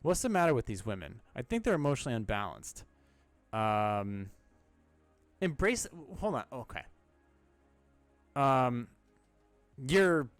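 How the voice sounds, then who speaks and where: Male podcast host, mid-pitched, dry close sound, blunt and sarcastic, swears casually while giving advice. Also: no room sound. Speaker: podcast host answering listener questions.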